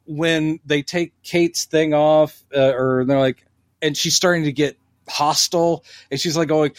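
A fairly high-voiced man co-hosting a pop-culture podcast. He talks fast and lively, slipping into silly voices whenever he quotes someone. The sound is dry and close, with no room echo. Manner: animated, acts out quotes in voices. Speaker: podcast co-host. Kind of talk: casual pop-culture chat.

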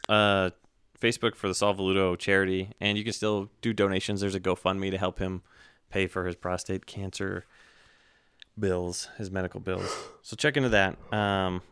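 A man's voice: low voice, fairly even intonation, fairly quick, a bit bright, clean tone, dry recording, clean studio sound. A man hosting a podcast in casual chat, telling rambling stories with many fillers and laughs. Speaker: podcast host.

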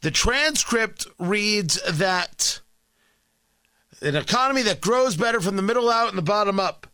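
A man's voice: high voice, animated, unhurried, bright, forceful tone, smooth, no room sound, clean studio sound. A man delivering an indignant opinion monologue, sarcastic, sometimes mocking other voices. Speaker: political commentator.

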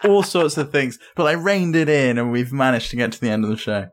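British guy cohosting a games podcast, average-pitched voice, chatty and self-deprecating. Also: steady tone, brisk. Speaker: podcast co-host. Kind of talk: casual podcast chat.

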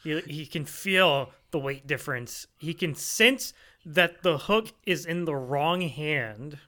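A thoughtful man chatting as a podcast co-host, pausing over his words. His tone is bright and sits slightly high. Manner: thoughtful, halting with fillers, laughs. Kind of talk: casual chat.

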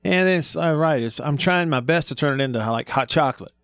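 A man with a Southern US accent hosting a talk radio show, his voice sitting a bit high. He chats casually, laughs easily and rambles into long stories. The sound is dry and close, with no room around it. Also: a little fast, a bit bright, clean tone, no room sound. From American South. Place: radio studio.

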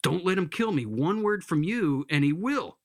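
A man's voice: sits high, big pitch swings, moderate pace, voice pushed up. A man voicing a sly male lizard who coaxes and begs for its life. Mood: wheedling. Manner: coaxing, begging. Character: wheedling male lizard of lust, sly and begging.

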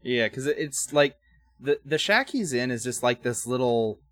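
A man's voice: medium pitch, expressive, moderate pace, fairly bright tone, no room sound, clean studio sound. A man co-hosting a podcast, recapping an episode in casual chat, rambling with restarts and wry asides. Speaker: podcast co-host.

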